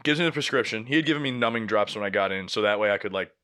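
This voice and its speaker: A young man hosting a podcast, telling a story casually, animated and swearing, acting out the dialogue. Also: fairly low pitch, rapid-fire. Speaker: podcast host.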